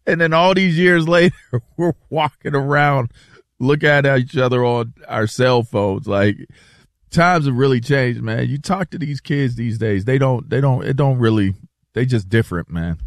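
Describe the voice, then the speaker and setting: A man's voice: mid-range voice, moderate pace, no echo, studio quality. A man co-hosting a sports radio show, telling rambling stories in casual banter and often repeating himself. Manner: rambling, animated storyteller who repeats himself. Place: radio studio.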